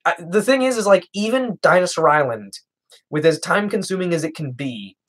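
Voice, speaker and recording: A man's voice: high voice, lively intonation, brisk, a bit bright. Rambling young man streamer, lots of uhs. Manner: rambling and hesitant, with frequent "uh" and chuckles. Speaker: streamer answering chat. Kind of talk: casual livestream Q&A.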